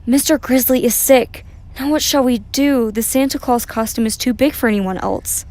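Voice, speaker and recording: A woman's voice: a little high, normal speed, a little mellow, close to an everyday voice. Woman reader as a worried teacher bear, fretful.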